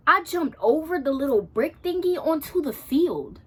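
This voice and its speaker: A woman's voice: sits high, expressive, fairly quick, fairly bright tone. A teenage girl telling a story to camera in a chatty, slangy way, acting out her own reactions and quotes. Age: teens. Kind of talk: casual storytime.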